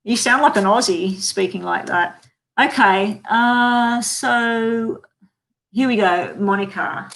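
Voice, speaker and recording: A woman's voice: mid-range voice, unhurried, vocal fry, fairly bright tone. A woman giving live-streamed tarot readings, chatty and talking to viewers by name with many ums. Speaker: tarot card reader.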